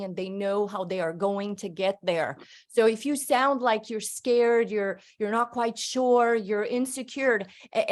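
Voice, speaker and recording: A woman speaking as a guest on a conference call, giving an energetic, upbeat motivational talk. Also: fairly high pitch.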